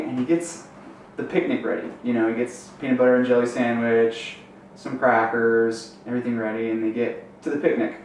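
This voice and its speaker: A man's voice: mid-range voice, a little mellow. A young man telling a long rambling joke story with lots of fillers, building to a punchline. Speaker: amateur comedian. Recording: roomy echo, distant mic, faint noise.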